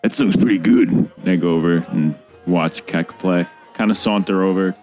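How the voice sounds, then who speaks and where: A man's voice: low voice, steady tone, moderate pace, darkish tone, faint music behind. A man playing a tabletop game, describing his character's actions with stammering restarts. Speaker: player. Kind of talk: casual tabletop role-play.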